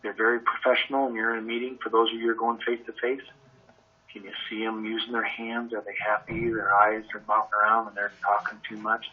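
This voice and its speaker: A man with a husky, slightly rough voice leads a training session on a conference call. He talks in an energetic, conversational way and keeps firing off rhetorical questions. The sound is dull and lo-fi. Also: fairly low pitch, a little fast. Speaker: sales trainer.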